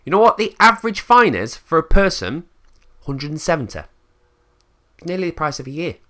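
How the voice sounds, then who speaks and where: A man's voice: a little high, very animated, moderate pace, sharp tone. A man with an English accent ranting bluntly in a casual monologue, swearing freely and acting out quotes in put-on voices. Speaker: channel host.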